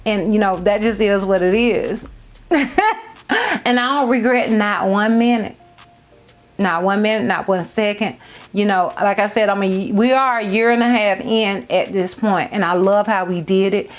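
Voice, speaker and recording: A woman's voice: mid-range voice, a little slow, soft background music. Heartfelt woman chatting to camera. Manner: heartfelt, repeats phrases for emphasis; addresses viewers as y'all and girl. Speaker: beauty vlogger. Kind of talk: casual storytime chat.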